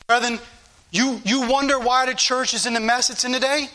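A man's voice: very high-pitched, brisk, pushed and bright. A middle-aged man preaching a fervent sermon in a church, his delivery rising and falling with passion.

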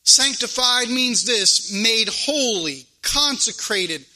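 A man's voice: extremely high pitch, animated, slow pace, sharp tone, low-quality recording. A male pastor, preaching a fervent sermon and repeating phrases for emphasis.

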